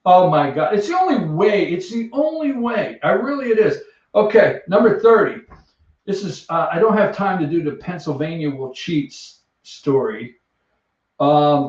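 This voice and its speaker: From an office, a man with a slightly high voice and darkish tone hosts a sarcastic, jokey countdown of news headlines. The recording sounds echoey, distant, and dull.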